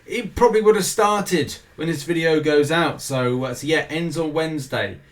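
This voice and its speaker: A man's voice: on the high side, moderate pace. A British man talks through a game's weekly schedule in a loose, rambling way. He keeps breaking off for jokey, self-mocking asides. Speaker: gaming show host. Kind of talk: casual weekly game schedule rundown.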